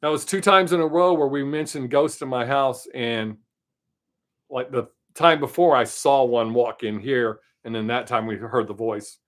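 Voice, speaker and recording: A man with a Southern accent, hosting a live stream from home and chatting in a rambling, casual way. He says he tries to talk fast. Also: mid-range voice, steady tone.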